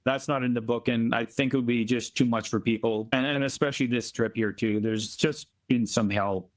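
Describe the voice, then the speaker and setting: A man from Canada, a volunteer being interviewed remotely, telling earnest stories in a plainspoken, emphatic way and slowing down to stress points. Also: mid-range voice, steady tone. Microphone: remote call from abroad.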